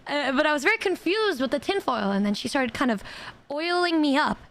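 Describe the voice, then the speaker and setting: A woman streamer telling a story in casual chat, stammering and repeating words, quoting others in animated voices. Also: high voice, fairly quick.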